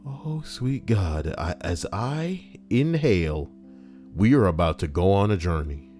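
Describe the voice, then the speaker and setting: A man live-streaming, reading out stories and donations in casual, profane banter that jumps between mumbling and loud outbursts. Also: deep voice, expressive, measured pace, soft background music.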